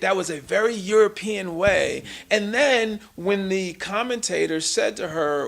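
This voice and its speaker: A man from the United States talks passionately as an interview guest, pressing his points hard and restarting sentences as he goes. His voice sits a bit high and has a gravelly fry, with a bright, forceful edge. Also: unhurried, hardly any pauses. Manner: impassioned, emphatic, stumbling restarts. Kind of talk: casual interview talk.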